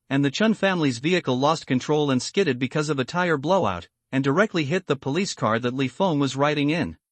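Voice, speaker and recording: A man narrating a story recap in a steady, even reading voice, reading the characters' lines without putting on voices. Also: fairly high pitch, no echo.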